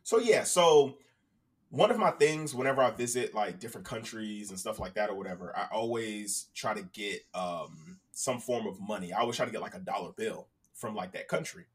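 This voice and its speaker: A man's voice: lowish voice, normal speed, recorded from a distance. A man casually telling a long funny story on a podcast, acting out the people he quotes. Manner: animated, acts out the people he quotes.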